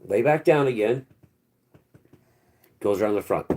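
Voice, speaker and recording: A man's voice: on the low side, animated, unhurried, darkish tone. A man hosting his own channel, telling a first-person story in a rambling, slangy way with restarts and swearing. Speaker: channel host.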